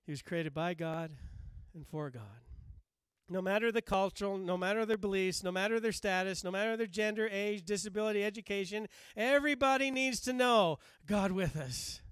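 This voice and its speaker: A man preaching a sermon as pastor, with slow emphatic repetition and passages that drop soft and low. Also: smooth, dry recording.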